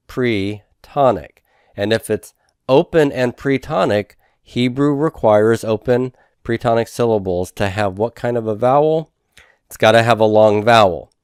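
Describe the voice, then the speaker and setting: A man's voice: on the low side, a little mellow, clean tone, dry recording, clean studio sound. Patient man teaching a language lecture. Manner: patient, explains step by step, asks rhetorical questions. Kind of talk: recorded lecture.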